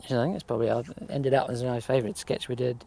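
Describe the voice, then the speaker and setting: A man's voice: mid-range voice, fairly even intonation, quick pace, gravelly, warm tone. A man, a comedy actor, talking wryly and self-deprecatingly about his work in a documentary interview.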